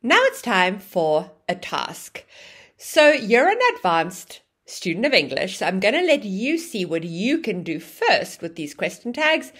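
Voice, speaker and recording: A woman teaching an English grammar lesson, explaining clearly and acting out example phrases with exaggerated rising and falling intonation. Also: mid-range voice, fairly bright tone.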